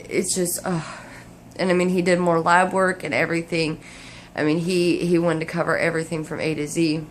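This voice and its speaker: A tired woman with a fairly low voice gives a casual vlog update to camera, rambling and restarting often. She sounds drowsy from medication, and a little hiss or hum sits in the recording.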